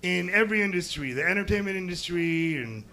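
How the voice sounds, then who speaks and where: A young American man doing a crude, rambling stand-up set, jumping from loud bursts to muttered asides. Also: high-pitched, expressive, brisk, a little hiss or hum. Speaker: stand-up comedian. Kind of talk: stand-up set at an open mic.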